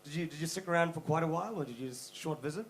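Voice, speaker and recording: A young man from South Africa performing a stand-up comedy set on a club stage, telling stories with animated mock voices. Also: fairly high pitch, rapid-fire, crowd noise, low-quality recording. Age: young adult.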